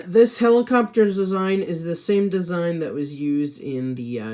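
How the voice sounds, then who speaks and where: Slow, low-voiced woman reviewing toys. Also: darkish tone, slight background noise. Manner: rambling and hesitant, many fillers and restarts; offhand, self-mocking asides. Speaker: toy set reviewer. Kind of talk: casual product review.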